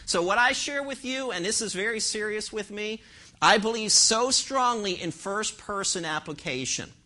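High, bright-voiced male preacher. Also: moderate pace. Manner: emphatic, peppered with rhetorical questions to the congregation. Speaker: pastor. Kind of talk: expository sermon. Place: church.

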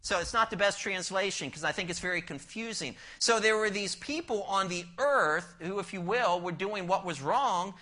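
A man preaching an expository sermon, asking the listeners rhetorical questions and swinging from loud emphasis down to a near-whisper. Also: high voice, normal speed, few pauses.

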